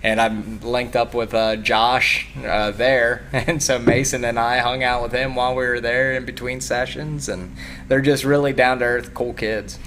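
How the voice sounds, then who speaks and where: A man's voice: medium pitch, flat delivery, unhurried, fairly bright tone, slight background noise. A man who coaches youth wrestling, talking casually as a guest on a morning TV show, laid-back and full of fillers. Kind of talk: casual TV interview.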